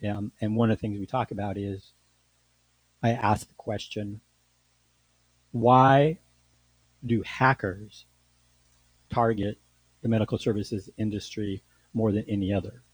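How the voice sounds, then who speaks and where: Husky-voiced man telling a story. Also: on the low side, unhurried, pauses often, low-quality recording. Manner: animated storyteller, many restarts and fillers. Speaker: podcast host and lawyer. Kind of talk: casual storytelling monologue.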